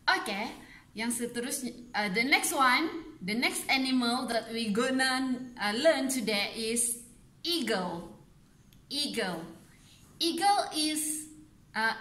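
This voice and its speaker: A young woman teaching animal names in a casual lesson, mixing English and Malay, slowly repeating each word and laughing at herself now and then. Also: fairly high pitch, sharp tone, echoey room. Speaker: language teacher on a video channel.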